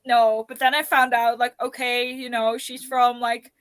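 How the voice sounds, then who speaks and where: A woman's voice: on the high side, flat delivery, unhurried, fairly bright tone, no echo. A Dutch woman hosting a casual book live stream, rambling and restarting her sentences as she chats with friends. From Netherlands. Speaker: booktube host. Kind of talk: casual chat.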